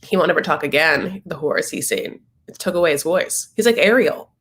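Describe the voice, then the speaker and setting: A man's voice: fairly high pitch, expressive, brisk, fairly bright tone. A man recapping a reality show in a campy, chatty way, calling the viewer honey. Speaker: TV recap host. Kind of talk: casual recap commentary. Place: at home, sitting cross-legged.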